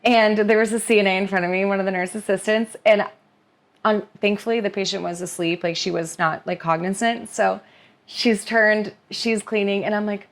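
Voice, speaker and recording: Gravelly-voiced young woman telling a story. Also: medium pitch, normal speed. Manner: expressive, rambling, heavy use of "like". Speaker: podcast guest, nurse. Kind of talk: casual confessional chat.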